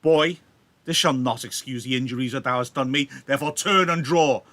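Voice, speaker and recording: A man's voice: a little high, animated, moderate pace, a bit bright, no echo, pitched above the performer's own voice. A man reading as provoking young Tybalt. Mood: challenging.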